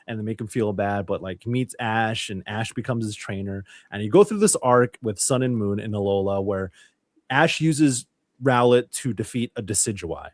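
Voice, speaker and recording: A man's voice: fairly low pitch, lively intonation, normal speed, no echo, studio quality. A man, a podcast guest, chatting casually and telling a rambling story with plenty of swearing. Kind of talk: casual chat.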